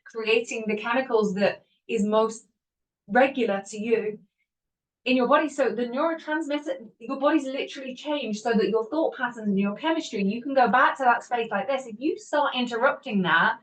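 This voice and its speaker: Animated woman host, somewhat distant mic. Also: on the high side, normal speed. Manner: animated, laughs often, acts out inner voices. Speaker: podcast host. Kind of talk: motivational self-help talk.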